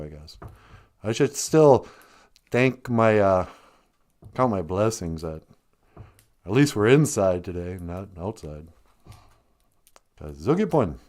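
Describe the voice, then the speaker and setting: A man's voice: fairly low pitch, darkish tone. A man hosting a casual live stream, joking, greeting viewers by name and laughing often. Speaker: live stream host teaching Ojibwe.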